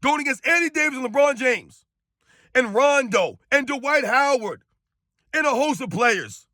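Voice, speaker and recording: A man's voice: very high voice, lively intonation, moderate pace, pushed and bright, no echo, clean studio sound. A man giving an emphatic, scornful sports rant, hammering his points home with repetition. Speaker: sports commentator. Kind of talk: ranting sports commentary.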